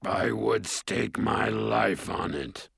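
Man doing a nervous dwarf lord, fawning, low, very slow, gravelly. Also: dry recording, clean studio sound, exaggerated voice. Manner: slow, obsequious and flattering. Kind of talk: audiobook character voice.

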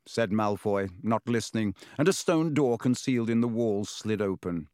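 A man narrating a story in a steady, measured reading voice on a close mic. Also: lowish voice, clean tone, no echo. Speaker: audiobook narrator. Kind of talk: scripted narration.

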